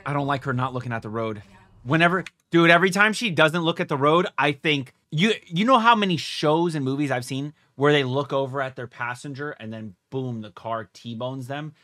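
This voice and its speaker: A young man hosting a reaction video, thinking out loud in excitable, profane casual commentary. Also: medium pitch, moderate pace, no room sound.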